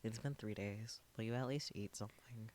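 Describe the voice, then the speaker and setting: An earnest young woman scientist pressing with worried questions, read by a man in a low, plain voice. She sounds much like the reader himself. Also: normal speed, a little mellow, slight background noise, natural voice. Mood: pleading. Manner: pleading, questioning. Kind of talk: reading a visual novel aloud on stream.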